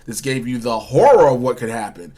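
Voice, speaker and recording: A man's voice: medium pitch, big pitch swings, fairly quick, warm tone, husky. Guy hosting a review show, upbeat and punchy, plain mid voice, hyping his channels. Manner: upbeat, punchy promo delivery. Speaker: host. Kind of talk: casual review chat.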